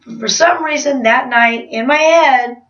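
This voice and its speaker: A woman's voice: high voice, a little slow, fairly bright tone. A woman vlogger telling a rambling confessional story in a chatty way, laughing at herself. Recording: roomy, distant, slightly dull sound.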